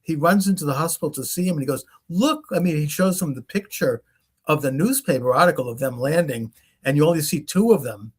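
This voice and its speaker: A talk show host speaks fast with a fairly high, expressive, husky male voice. In casual conversation he rambles through stories and acts out the voices of those he's quoting.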